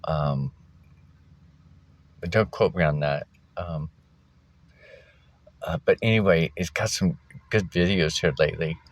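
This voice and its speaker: A man's voice: sits low, takes it slowly, pauses often, dry recording. A man vlogging from a park, talking in a loose, rambling way with fillers and chuckles. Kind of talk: casual rambling vlog. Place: outdoors at a park.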